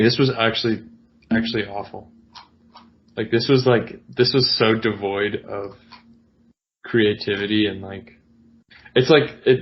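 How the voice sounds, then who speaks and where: A man's voice: lowish voice, steady tone, unhurried, long pauses, dull audio, soft background music. A man co-hosting a podcast in casual chat, rambling and self-mocking. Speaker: podcast co-host.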